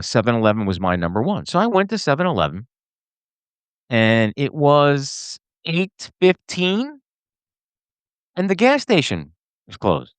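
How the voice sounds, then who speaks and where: Animated rambling male podcast host. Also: medium pitch, clean tone, dry recording. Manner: animated, rambling with many fillers and restarts. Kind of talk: casual solo rant to camera.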